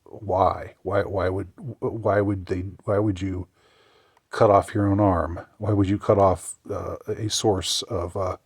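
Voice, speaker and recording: Male vlogger, lowish voice, dry close sound, sarcastic and halting. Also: flat delivery, darkish tone, no room sound. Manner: sarcastic, halting, many restarts. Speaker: commentary vlogger. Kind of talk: political commentary vlog.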